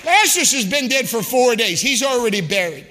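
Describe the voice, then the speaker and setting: Man, high bright voice, fiery rhythmic sermon, long church reverb. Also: big pitch swings, brisk. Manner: impassioned, rhythmic preaching with shouted peaks. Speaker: guest preacher. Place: church sanctuary.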